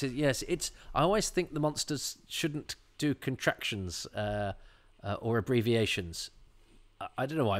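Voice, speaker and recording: A man giving a chatty, rambling watch-along commentary on an episode, full of restarts and animated asides. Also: mid-range voice, normal speed.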